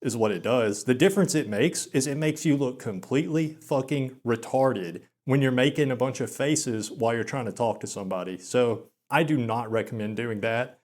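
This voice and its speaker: The channel host, a young man with a mid-range voice, delivers a slow, monotone vlog monologue that pokes fun at himself. Filler words and brief stutters come up often.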